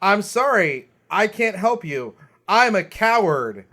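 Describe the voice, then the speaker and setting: A man on a comedy podcast playing a pathetic, self-loathing version of himself in a blue shirt, with a whiny, shouty delivery. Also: high-pitched, sing-song, takes it slowly, full character voice.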